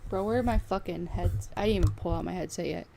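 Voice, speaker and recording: A woman's voice: fairly low pitch, quick pace, vocal fry, mellow, slight background noise. A woman streamer on a live stream, swearing constantly and breaking into angry outbursts as she plays. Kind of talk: live stream gaming and reacting.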